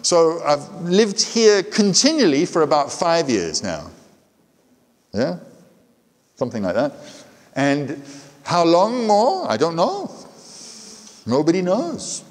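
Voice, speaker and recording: Lively southern English man lecturing. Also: a little high, slow pace, pauses often, in a large hall. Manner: tags sentences with "yeah?", chatty. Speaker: guest lecturer. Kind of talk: lecture with audience questions.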